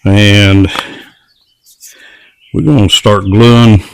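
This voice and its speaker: Guy building garden doors, slow plain talk, lowish voice. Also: level tone, vocal fry, clear, resonant tone, dry recording. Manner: plain, matter-of-fact step-by-step talk. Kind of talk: casual build narration. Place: workshop or outdoor work table.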